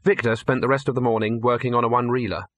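A man's voice: mid-range voice, steady tone, very fast, fairly bright tone, no echo. A man reading a comic fantasy story aloud in a dry, wry storytelling manner. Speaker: audiobook narrator. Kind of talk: scripted narration.

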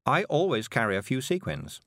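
Man doing a kind chatty witch lady, cheerful and rambly, lively lilt, dry sound. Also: medium pitch, fairly quick, no echo, voice pushed up. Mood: reminiscing. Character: kindly middle-aged female witch, gentle and chatty.

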